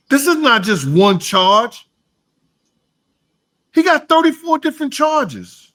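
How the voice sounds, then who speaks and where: A man's voice: sing-song, slow pace, pauses often, bright, forceful tone. A man co-hosting a casual reaction podcast, making his points emphatically and repeating himself. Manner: emphatic, repeats points, trails into low mumbling. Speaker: podcast co-host.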